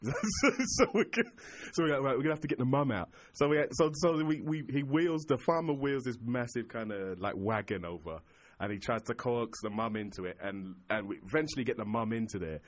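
A man's voice: mid-range voice, fairly quick. A man telling a funny story in a casual chat, acting out the voices of the people in it and often breaking into laughter. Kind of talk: casual anecdote.

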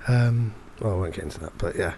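A man's voice: lowish voice, quick pace, warm tone, breathy edge. A man chatting casually as a podcast co-host, telling rambling anecdotes full of fillers and restarts. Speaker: performance poet. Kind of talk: casual chat.

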